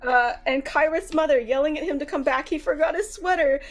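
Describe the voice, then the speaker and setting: A woman's voice: high voice, fairly quick. A woman narrating as game master in a chatty, laughing manner. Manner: chatty, laughing, with filler words.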